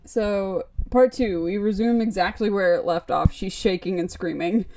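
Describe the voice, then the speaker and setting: A woman's voice: mid-range voice, moderate pace, a little mellow, slight background noise. A woman recapping a book in casual podcast chat. She acts out the characters' quotes and peppers her talk with "like". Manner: chatty, lots of "like" and acted-out quotes. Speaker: podcast co-host.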